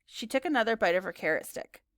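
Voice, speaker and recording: A woman narrating a children's story in an animated, bright reading style. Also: mid-range voice, fast talker, dry recording, clean studio sound. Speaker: audiobook narrator.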